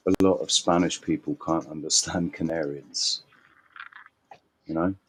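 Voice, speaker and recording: Deep-voiced man, meandering and hesitant. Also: fairly even intonation, a little slow, husky, low-quality recording. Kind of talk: casual chat.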